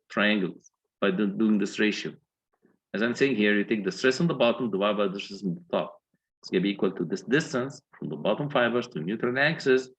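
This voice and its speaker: A man's voice: fairly low pitch, fairly bright tone, low-quality recording. A man with an Egyptian accent giving a university engineering lecture, explaining step by step and often checking that students follow.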